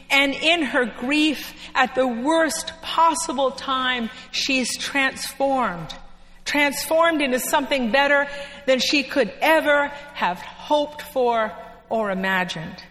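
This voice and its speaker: A woman preacher giving a sermon in a church, telling the story in an unhurried way with dramatic pauses. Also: sits high, bright, forceful tone. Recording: long echo of a church hall.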